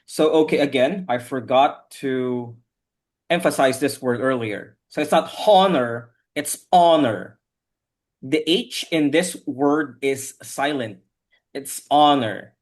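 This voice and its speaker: A man's voice: medium pitch, unhurried. A man teaching an online English class over a video call, patiently correcting his students' pronunciation word by word.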